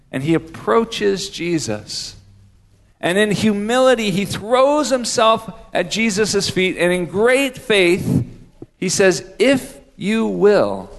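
A male pastor delivers a sermon at an unhurried pace, letting each phrase land with deliberate pauses. His voice sits fairly high for a man. Long reverb trails behind him as in a large sanctuary. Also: fairly bright tone. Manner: slow, deliberate preaching with dramatic pauses.

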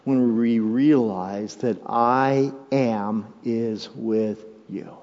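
A male pastor preaching a sermon, swinging from hushed, drawn-out phrases to raised, urgent appeals and calling on the congregation to repeat lines after him. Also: medium pitch. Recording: dull, lo-fi sound with long hall reverb.

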